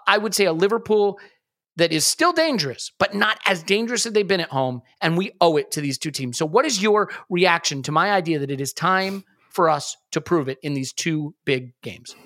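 A man's voice: a little high, fairly bright tone. A man hosting a sports podcast, talking emphatically and repeating key phrases for punch. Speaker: podcast host. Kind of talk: casual sports podcast chat.

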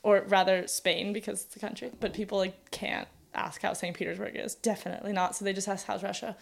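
A woman's voice: mid-range voice, level tone, brisk, vocal fry. Chatty young woman thinking aloud. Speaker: podcast co-host. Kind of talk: casual conversation.

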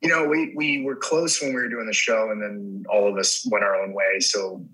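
Bright-voiced middle-aged man telling stories. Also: on the low side, steady tone, moderate pace, rough recording. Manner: rambling storyteller with many restarts and swearing. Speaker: actor guest. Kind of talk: casual chat.

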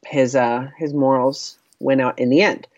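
A woman's voice: extremely low pitch, fairly even intonation, a little slow, darkish tone, dry recording. A woman co-hosting a casual chat, recapping a film with lots of fillers and laughter. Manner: chatty, with many fillers and laughs. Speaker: podcast co-host. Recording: dull, lo-fi sound.

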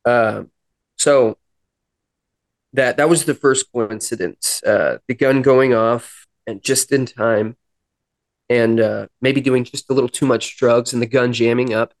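Man, young adult, middle-pitched voice, candid storytelling guest on a podcast, earnest and reflective. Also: steady tone, a little slow. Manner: earnest, reflective, quoting himself and others in dialogue.

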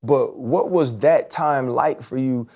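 A man hosts a podcast and keeps his questions casual and laid-back. His voice has a gravelly edge with a dark, mellow tone. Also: mid-range voice, slow. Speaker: podcast host. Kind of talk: casual interview chat.

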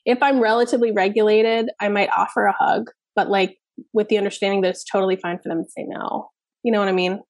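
A woman's voice: mid-range voice, fairly even intonation, quick pace, dry recording. A woman in her thirties, a child therapist, talking casually and candidly in an interview, peppering her speech with "like" and "you know what I mean". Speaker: child therapist and parenting expert.

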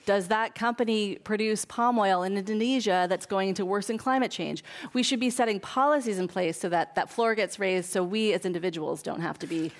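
A woman's voice: mid-range voice, a little fast, hardly any pauses. Earnest woman on a food panel. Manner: earnest, thoughtful, with frequent fillers; parent. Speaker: author guest on a food panel. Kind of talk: panel discussion.

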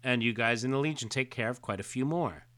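A man's voice: medium pitch, fairly quick. A man co-hosting a casual podcast, reading comic dialogue aloud with frequent hesitations. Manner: relaxed, hesitant with fillers, reads quotes plainly. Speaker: podcast co-host.

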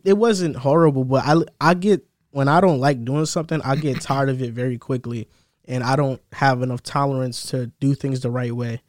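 A young man in casual chat with friends, telling stories about old jobs in a relaxed way, saying "bro" a lot. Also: medium pitch, dry recording, studio quality. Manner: relaxed storytelling, says "bro" often.

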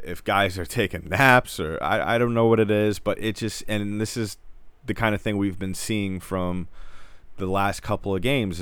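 A man giving a casual, rambling hockey recap as a frustrated fan, talking in quick restarts. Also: sits low, smooth, no echo. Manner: rambling, exasperated, many restarts. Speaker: sports fan commentator. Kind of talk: casual sports recap commentary.

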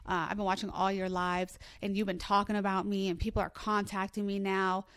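Woman rambling thru a funny dating story, swears a lot, dry close mic, medium pitch. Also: a little fast, smooth, dry recording. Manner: animated, rambling, swearing, quotes others in asides. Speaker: comedian guest. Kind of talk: casual comedic storytelling.

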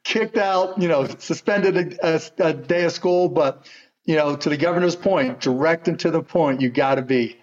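A man's voice: on the high side, normal speed. Blunt middle-aged man, muffled audio. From Pittsburgh, USA. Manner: blunt, anecdotal storyteller. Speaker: guest. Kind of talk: casual conversation.

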